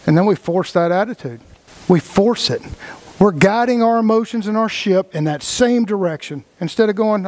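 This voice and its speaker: High-voiced guy giving a loose pep talk to his group, blunt, swears a lot, acts out what people say, dry close sound. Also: expressive, moderate pace, a little mellow, no room sound. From Texas. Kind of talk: casual motivational talk to a group.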